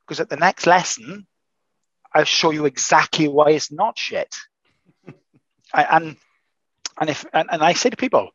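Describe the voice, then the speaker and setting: A man's voice: on the high side, unhurried, long pauses, a bit bright, slightly rough, dry recording. A man talking through a slightly dull, lo-fi recording, emphatic and salty with his language. His voice sits dry and close, with no room sound around it. He is a martial arts instructor chatting casually on a podcast. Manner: emphatic, swears freely.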